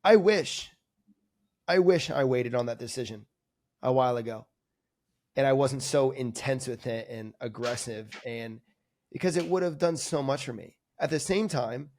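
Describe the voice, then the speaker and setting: Energetic rambling man on a podcast. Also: medium pitch, no room sound, studio quality. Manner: energetic, rambling, full of "like" fillers. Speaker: podcast guest, coaching client. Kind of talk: candid conversational reflection. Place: lives in Argentina, remote podcast.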